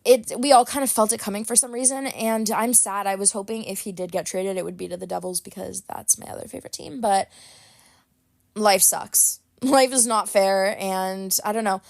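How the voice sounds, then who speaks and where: A woman's voice: mid-range voice, fairly even intonation, moderate pace, gravelly, dry recording, studio quality. A young woman hosting a podcast in casual chat, chatty and rambling with lots of fillers and restarts, blunt and opinionated. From Boston area. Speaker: podcast host.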